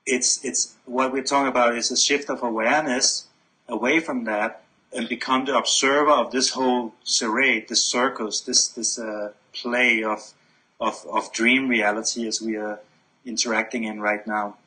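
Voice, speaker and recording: Bright-voiced man musing on awareness. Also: medium pitch, fairly even intonation, low-quality recording. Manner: reflective, halting with many restarts. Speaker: guest. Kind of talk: spiritual conversation.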